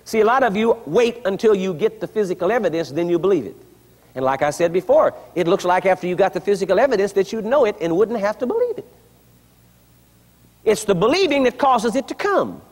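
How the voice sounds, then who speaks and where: Male preacher, very high-pitched, emphatic teaching style, repeated questions to the congregation, long reverb of a large sanctuary. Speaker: pastor. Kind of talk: sermon. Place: large church building with a congregation.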